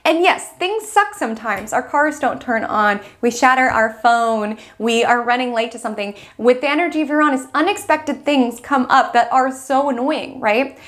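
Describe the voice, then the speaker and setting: A woman with a voice pitched a little above the usual talks through a weekly astrology forecast. She tells it as a vivid story addressed to the listener, with lively and expressive delivery. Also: normal speed, few pauses. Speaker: astrology host.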